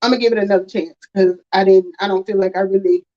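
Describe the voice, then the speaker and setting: A woman's voice: medium pitch, steady tone, fast, mellow. A woman hosting a live stream, rambling through a story and laughing often. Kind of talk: casual storytelling chat. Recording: slightly dull lo-fi audio.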